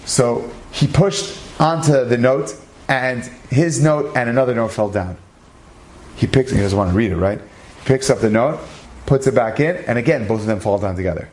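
A man's voice: mid-range voice, normal speed, darkish tone. A man telling a religious story as a lesson, earnest, acting out the dialogue and using Hebrew terms.

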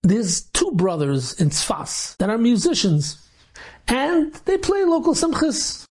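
Husky, mellow-voiced rabbi telling a story. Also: male voice, very high voice, takes it slowly, soft background music. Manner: animated telling, sprinkled with Yiddish and Hebrew words. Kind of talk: inspirational storytelling.

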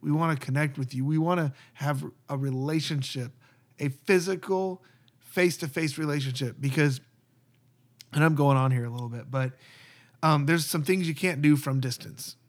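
A man's voice: a little high, moderate pace. A man, a pastor, talking earnestly and conversationally about church community. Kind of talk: casual podcast talk.

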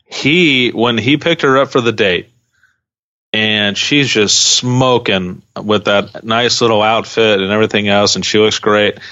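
A man's voice: fairly low pitch, fairly even intonation, measured pace, sharp tone, dry recording, highs cut off. A man co-hosting a podcast, chatting casually and talking through his take on a reality show. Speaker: podcast co-host. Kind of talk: casual recap chat.

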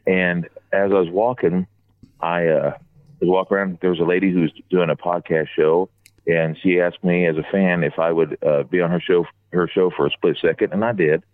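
A man telling a long, rambling story in casual chat, getting animated whenever he quotes other people. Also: sits low, moderate pace, no room sound. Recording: tinny phone line.

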